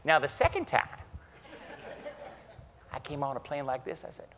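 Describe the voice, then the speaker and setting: A man doing an impression of an older, confident and folksy male tech executive, talking slowly with emphatic drawling delivery. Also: a little high, sing-song, background noise.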